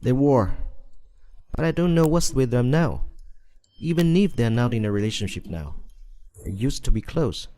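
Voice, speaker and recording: A man's voice: expressive, moderate pace, long pauses, warm tone, lightly acted. An actor playing a timid, scheming young rich man in a dubbed drama, whiny and clingy. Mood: coaxing. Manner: whiny and clingy, pitch jumping up in fright. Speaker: bedridden rich husband.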